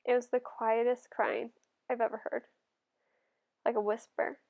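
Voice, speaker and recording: A woman reads a first-person novel aloud in a gentle, steady way. Her voice sits somewhat high with a gravelly, creaky edge. The telling stays calm and even. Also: a little slow. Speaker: audiobook reader.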